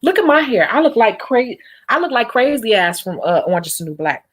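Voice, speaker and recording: A woman's voice: fairly high pitch, very animated, a little fast. A young woman who works as a nail technician, chatting casually and animatedly with her viewers and laughing often. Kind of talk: casual vlog chat with viewers.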